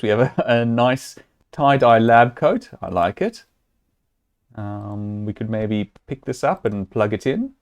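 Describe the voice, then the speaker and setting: A man's voice: mid-range voice, a little mellow. A man streaming a point-and-click adventure, chatting casually and thinking aloud as he works through puzzles, with amused chuckles. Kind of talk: casual let's-play commentary.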